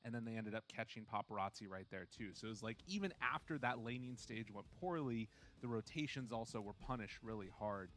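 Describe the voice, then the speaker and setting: Dude casting the match, chill and chatty, gets excited about plays. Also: male voice, fairly low pitch, fairly quick, few pauses. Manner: casual, animated and chatty. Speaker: esports caster. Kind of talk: play-by-play commentary.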